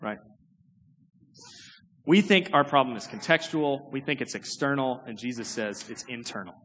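A man preaching a sermon in a conversational, animated way, often acting out quoted voices. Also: medium pitch, brisk. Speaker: pastor. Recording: long reverb of a large hall.

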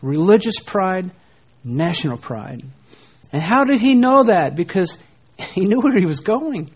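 A middle-aged American man preaching a sermon, dropping to hushed lines and rising for emphasis. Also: high-pitched, very animated, unhurried, husky. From United States. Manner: preaching, shifting between soft hushed lines and emphatic rises. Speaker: pastor.

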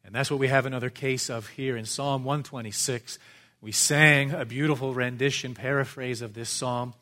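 A middle-aged man preaching a sermon in a church, measured and earnest, rising for emphasis and dropping low for quiet asides. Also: steady tone.

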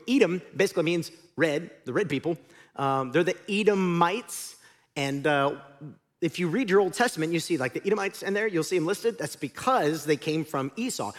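A middle-aged man preaching a sermon as pastor, animated, sometimes shouting and sometimes dropping to a quiet, intense tone. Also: fairly high pitch.

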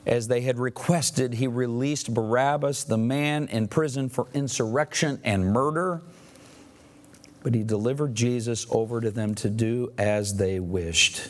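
A man's voice: mid-range voice, unhurried. A man preaching a sermon, retelling scripture dramatically and acting out the quoted lines. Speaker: pastor.

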